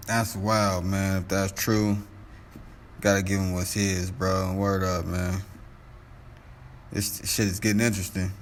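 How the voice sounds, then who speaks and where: Slow, low-voiced laid-back man. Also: little pitch movement, echoey room, a little hiss or hum. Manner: laid-back interjections, joking asides. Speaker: co-host. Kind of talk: casual podcast chat.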